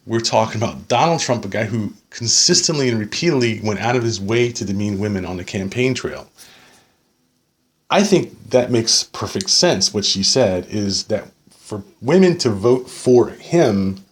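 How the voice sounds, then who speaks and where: A man's voice: lowish voice, animated, normal speed. A man reading an article aloud and arguing with it point by point, sarcastic, often tagging his points with "okay?". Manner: sarcastic asides. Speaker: political commentator.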